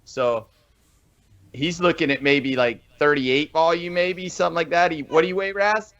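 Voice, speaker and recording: A man's voice: on the high side, steady tone, normal speed, a bit bright. A man hosting a podcast, eager and laid-back, calling everyone man and dude. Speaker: podcast host. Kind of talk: casual interview chat. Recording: dull, lo-fi podcast audio.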